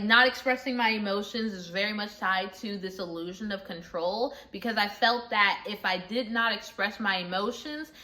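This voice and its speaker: Bright-voiced woman vlogging candidly. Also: medium pitch. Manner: earnest and confessional, addresses viewers as y'all; animated, laughs often. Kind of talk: candid personal vlog.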